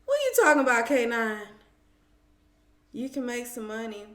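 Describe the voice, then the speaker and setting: A woman's voice: a little high, expressive, normal speed, a bit bright, roomy sound. A woman hosting a casual live stream from home, chatting with viewers, greeting them by name and calling them child and boo.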